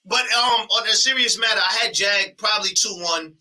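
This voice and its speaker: A man co-hosting a casual battle rap podcast, animated and often yelling in mock disbelief, speaking. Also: high-pitched, moderate pace, recorded from a distance, rough recording. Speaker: podcast co-host.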